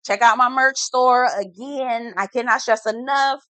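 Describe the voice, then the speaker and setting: A woman's voice: on the high side, steady tone, measured pace, a bit bright, dry recording. A woman giving a sassy, dramatic, casual recap of a reality TV episode as a vlogger, full of slang asides.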